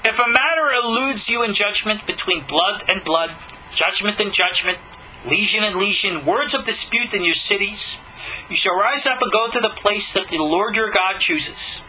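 A man giving a religious teaching, asking rhetorical questions and slowing down to read scripture aloud. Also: high-pitched, pushed and bright, a little hiss or hum, rough recording. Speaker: Jewish teacher.

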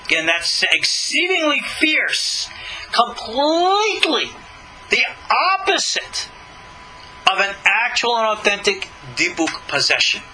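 A man giving an animated lecture as a Jewish religious teacher, commenting on scripture, with swooping emphasis and stretched key words. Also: high voice, slow pace, a little hiss or hum, poor audio.

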